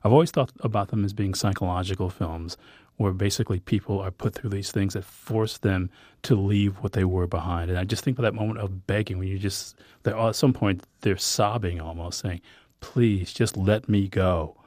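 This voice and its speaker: Low, halting male interviewer. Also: steady tone, a little mellow, no room sound, clean studio sound. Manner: halting, rambling questions with restarts. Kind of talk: interview questions.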